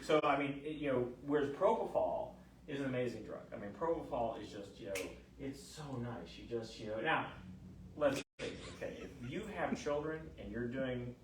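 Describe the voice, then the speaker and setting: A man's voice: medium pitch, moderate pace, background noise. A man in his fifties, a fertility doctor, chatting casually and telling stories with lots of fillers. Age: 50s. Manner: chatty, animated storyteller with many fillers. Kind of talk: casual chat. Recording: echoey room, mic at a distance.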